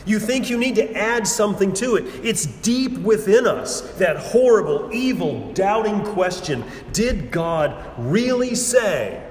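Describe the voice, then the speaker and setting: Slow, emphatic preacher in a reverberant hall. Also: male voice, high voice, animated, darkish tone. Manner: measured, emphatic preaching with repetition and dramatic pauses. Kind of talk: sermon. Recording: roomy hall with long reverb and faint background noise.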